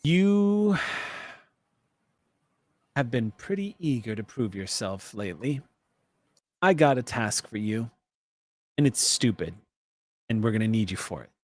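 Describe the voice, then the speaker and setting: A man's voice: mid-range voice, big pitch swings, unhurried, pauses often, a little mellow, dry recording. A man voicing a tough, blunt female camp boss who swears a lot. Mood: gruff.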